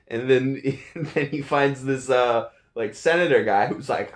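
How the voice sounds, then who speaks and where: A man's voice: mid-range voice, expressive, normal speed, hardly any pauses, reverberant. A man giving a casual, laughing recap of a movie's plot, slipping into goofy voices for the characters.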